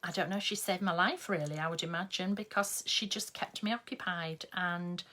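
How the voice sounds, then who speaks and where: A woman's voice: on the low side, fairly even intonation, normal speed, pushed and bright. An older woman, chatting casually and rambling while she sews on a live stream. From England. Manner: chatty, rambling, with many ums. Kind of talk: casual chat while sewing.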